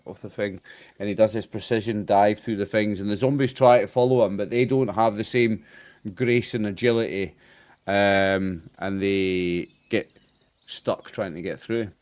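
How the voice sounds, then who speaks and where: Low-voiced man playing a tabletop game. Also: fairly even intonation, moderate pace, a little mellow. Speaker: player. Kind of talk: describing his character's actions in a tabletop game.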